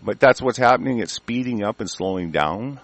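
A man's voice: on the low side, animated, brisk, no echo. A man hosting a talk show, ranting angrily with heavy swearing and stumbling restarts. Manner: angry, heavily profane, stumbling restarts. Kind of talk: profane political rant. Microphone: conference call line.

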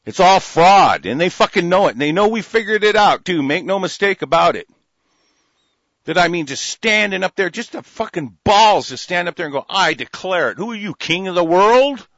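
A man's voice: sits high, expressive, normal speed, no echo, dull audio. A man delivering an angry, profane political rant, hurling insults. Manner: furious, profane, shouting insults.

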